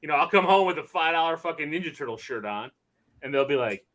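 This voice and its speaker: Bright-voiced, swearing podcast dad. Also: male voice, a little high, quick pace. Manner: profane, animated storytelling about his kids. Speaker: podcast co-host. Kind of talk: casual chat.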